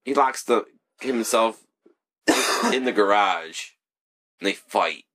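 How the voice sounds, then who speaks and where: A man's voice: lowish voice, lively intonation, takes it slowly, pushed and bright. A young man in casual, rambling chat, swearing freely and laughing often.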